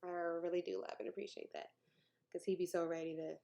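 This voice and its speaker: A woman's voice: lowish voice, level tone, a little fast, vocal fry, background noise. A woman, talking candidly and emotionally to camera in a personal vlog, sometimes dropping to a near-whisper and laughing between thoughts. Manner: laughs between thoughts, jokes about her news. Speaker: vlogger.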